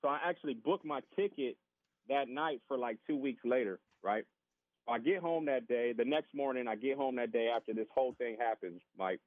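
A man telling a casual, animated story as a podcast guest, acting out the voices of other people and often repeating his words. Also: mid-range voice, moderate pace, dry recording. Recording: tinny phone-line sound.

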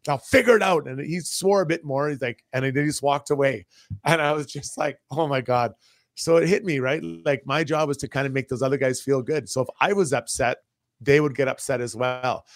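A man who used to play pro hockey, co-hosting a radio show and telling an animated locker-room story. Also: medium pitch, fairly quick, no echo, studio quality. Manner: animated, acts out quotes. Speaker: co-host, former hockey player. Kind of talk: casual storytelling.

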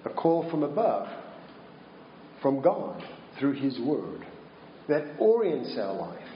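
A man preaching a sermon slowly and deliberately, posing rhetorical questions to his congregation. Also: medium pitch, very animated, echoey room, dull audio, a little hiss or hum. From Minnesota.

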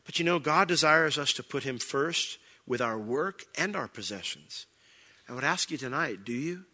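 A man preaching a sermon, conversational at times and rising to loud, emphatic bursts. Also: mid-range voice, expressive, normal speed. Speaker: pastor. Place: church sanctuary.

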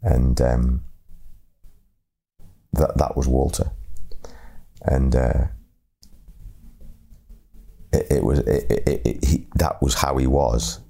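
A middle-aged man telling a reflective story, halting and repeating words in a slow, measured way. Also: extremely low pitch, flat delivery, gravelly, warm tone, breathy edge. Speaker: speaker sharing lessons on leadership.

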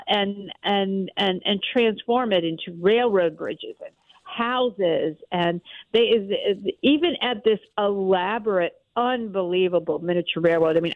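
A woman's voice: mid-range voice, dry recording. A woman in her sixties from Western Pennsylvania, a columnist telling a story with emphatic enthusiasm. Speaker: newspaper columnist, guest. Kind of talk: casual interview. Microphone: phone. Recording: tinny phone line.

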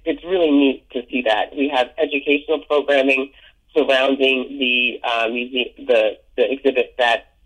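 Enthusiastic man with halting restarts. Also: mid-range voice, fairly bright tone, low-quality recording. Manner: enthusiastic, stumbles and repeats words. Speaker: museum educator and guest. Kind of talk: casual interview.

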